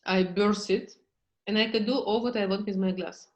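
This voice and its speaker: A woman therapist coaching a client in slow, halting English with many fillers. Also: medium pitch, steady tone, muffled recording. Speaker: therapist leading a session.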